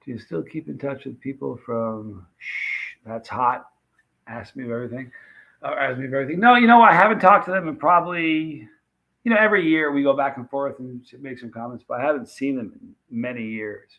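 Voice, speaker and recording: A man's voice: medium pitch, animated, moderate pace, vocal fry, muffled recording. A man hosting a late-night livestream, casually chatting and thanking viewers by name as he reads their comments. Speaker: livestream host. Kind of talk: casual live chat reading comments.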